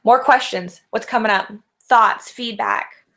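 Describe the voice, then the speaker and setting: A middle-aged woman life coach speaks alone to a camera in a slightly high, somewhat bright voice, a little slowly. She's encouraging and keeps posing rhetorical questions to her listeners, often ending with "right?".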